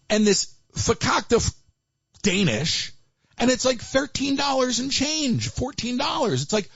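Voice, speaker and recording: A man hosting a live call-in stream, chatty and animated, with Yiddish asides. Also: fairly high pitch, husky, dry recording. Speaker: livestream host taking calls. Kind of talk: casual chat. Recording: dull lo-fi livestream audio.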